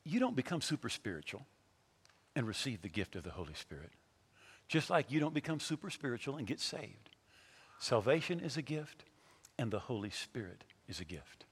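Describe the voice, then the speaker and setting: A man preaching a sermon as pastor, telling a story with loud bursts and then leading a prayer in a hushed voice. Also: medium pitch, very animated, normal speed, husky, big-room sound.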